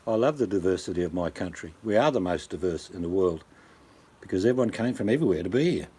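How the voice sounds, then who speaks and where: Brief: older Australian man, deep-ish and husky, jokey rambling host talk. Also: expressive, fast talker, warm tone. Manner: rambling, jokey, swaps into impressions. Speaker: channel host. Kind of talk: casual chat.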